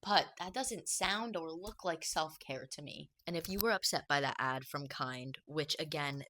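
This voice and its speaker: A woman giving personal commentary to camera, speaking slowly and haltingly, soft and emotional. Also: deep voice, over loud music. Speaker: video essay creator.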